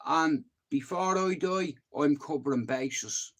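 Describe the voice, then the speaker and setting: A man's voice: on the high side, slow, a bit bright. An Irish man in his fifties, chatting on a livestream in a rambling way, often repeating himself and swearing casually. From Ireland. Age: 50s. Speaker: YouTube livestreamer.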